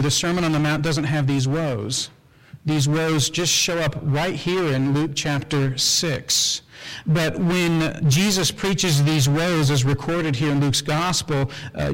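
Male pastor, a bit high-voiced, expository sermon delivery, rhetorical and searching. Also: long reverb tail, low-quality recording. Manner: explanatory, rhetorical questions, frequent fillers.

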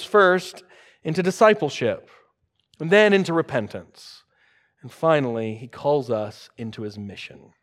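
Man preaching with a higher voice. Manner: expository preaching, varies pace for emphasis. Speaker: pastor. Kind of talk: sermon.

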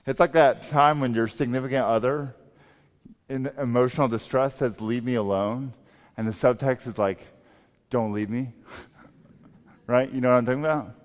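A man preaching a sermon as pastor, emphatic and swinging between loud and soft delivery. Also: medium pitch, fairly even intonation, moderate pace. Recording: long reverb of a large hall.

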